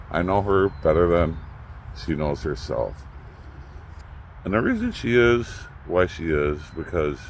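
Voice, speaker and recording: A deep-voiced middle-aged man rants unscripted outdoors, blunt and full of swearing. His pitch jumps around a lot as he moves from loud outbursts to low muttering. Faint traffic and street noise hum behind him. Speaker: YouTube channel host. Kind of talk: unscripted rant to camera.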